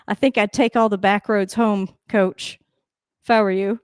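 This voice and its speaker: A woman hosting a casual live football reaction, excitable and swearing, often laughing and talking straight to the coach. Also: medium pitch, takes it slowly, smooth, dry recording, clean studio sound. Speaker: sports reaction host. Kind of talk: casual live game commentary.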